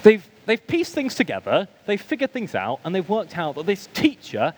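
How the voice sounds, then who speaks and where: A man's voice: high-pitched, wildly swooping pitch, moderate pace, slight background noise, low-quality recording. A British man giving a church sermon with humorous asides, self-deprecating stories and frequent ums. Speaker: preacher.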